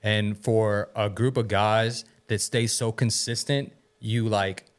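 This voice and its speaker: A man's voice: fairly low pitch, fairly even intonation, slow. A young man hosting a podcast in a laid-back, slangy way, often laughing as he talks. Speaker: podcast host. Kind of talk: casual podcast chat.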